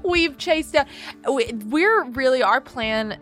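A woman's voice: sits high, animated, slow pace, fairly bright tone, soft background music. A woman playing a tabletop game, teasing the others playfully. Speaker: player.

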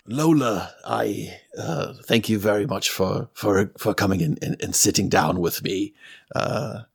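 A man voicing a calm, apologetic old male sage in a tabletop game, speaking haltingly with many hesitations. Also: on the low side, vocal fry, husky, pitched below the performer's own voice, full character voice. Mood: measured.

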